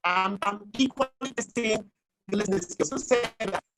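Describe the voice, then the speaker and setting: A woman giving a formal grammar and pronunciation report over a video call, speaking in a deliberate, pedantic, corrective way. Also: mid-range voice, rough recording. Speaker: grammarian at a club meeting.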